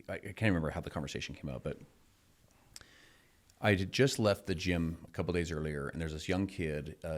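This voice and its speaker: A middle-aged man hosting a podcast, chatting casually and telling stories with lively acted-out quotes. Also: extremely low pitch, gravelly. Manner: energetic, acts out quoted voices in anecdotes. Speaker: podcast host. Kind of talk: casual chat, storytelling.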